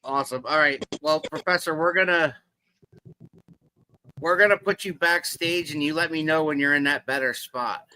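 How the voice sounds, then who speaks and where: Bright-voiced man hosting a live show. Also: fairly high pitch, moderate pace, smooth, poor audio. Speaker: host. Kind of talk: casual interview chat.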